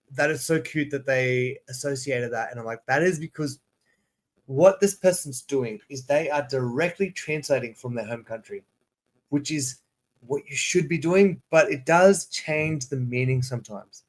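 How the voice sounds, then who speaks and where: A man's voice: a little high, a bit bright. A man teaching English on a casual livestream, chatty and rambling, often restarting and repeating words. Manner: drawn-out word drills. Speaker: ESL teacher.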